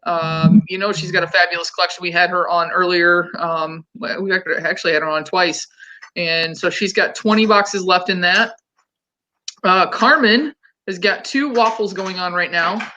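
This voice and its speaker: A woman's voice: fairly low pitch, normal speed, pushed and bright. A woman hosting a casual livestream, chatting loosely with many ums and restarts. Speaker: host.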